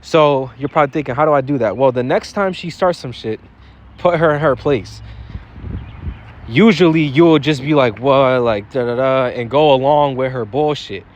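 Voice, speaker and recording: A man's voice: mid-range voice, moderate pace, muffled recording. A young man giving blunt, profane dating advice in a casual monologue, often repeating and restarting his phrases.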